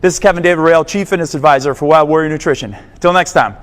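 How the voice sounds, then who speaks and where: Man, fitness coach, direct instructional tone, brisk pace, reverberant space. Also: a little high, fairly bright tone. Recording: long reverb.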